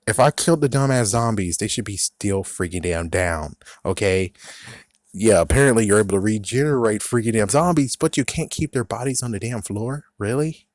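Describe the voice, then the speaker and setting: A man's voice: on the low side, animated, moderate pace, no echo, studio quality. A young man in a profane, angry rant reviewing a video game, mocking its designers in put-on voices. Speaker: gaming vlogger.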